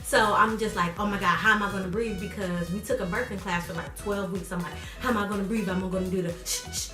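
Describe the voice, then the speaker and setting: Young woman, casual vlog storytelling, animated, roomy echo, a bit off-mic. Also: fast talker, far from the mic, over music. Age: young adult. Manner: animated, acts out quotes with big pitch jumps. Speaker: vlogger.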